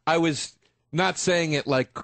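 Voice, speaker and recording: A man's voice: fairly high pitch, unhurried, a bit bright, no room sound. A man comedian telling his side of a story on a radio show, defensive and exasperated. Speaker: comedian guest.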